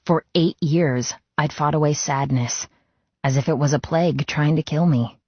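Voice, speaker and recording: Very deep, husky woman narrating. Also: moderate pace, dry recording. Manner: emotional, intimate reading. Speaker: audiobook narrator. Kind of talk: first-person romance audiobook narration. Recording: slightly dull, muffled sound.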